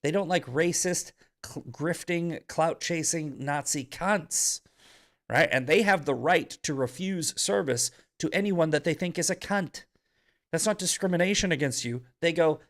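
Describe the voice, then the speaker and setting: Gravelly man ranting with profanity. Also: on the high side, expressive, moderate pace. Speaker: podcast host. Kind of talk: heated commentary.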